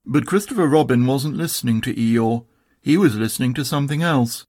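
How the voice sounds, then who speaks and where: A man narrating a children's storybook with a gentle, measured reading. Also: mid-range voice, animated, dry recording, clean studio sound.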